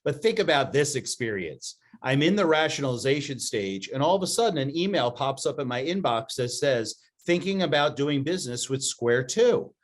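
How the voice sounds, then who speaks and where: A man's voice: medium pitch, animated, moderate pace, hardly any pauses. Upbeat man co-hosting a business podcast. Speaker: podcast co-host.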